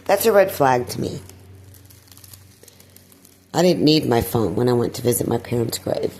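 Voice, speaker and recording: A woman talking in a personal vlog monologue, weary and distressed, sighing and clearing her throat. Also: extremely low pitch, big pitch swings, normal speed, darkish tone. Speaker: video blogger.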